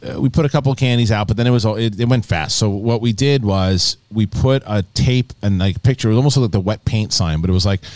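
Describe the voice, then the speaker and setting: A man's voice: lowish voice, fast, few pauses, no room sound. A man hosting a casual live panel show, telling stories with lots of swearing and laughter. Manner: animated storytelling, swears, laughs often. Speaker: podcast host.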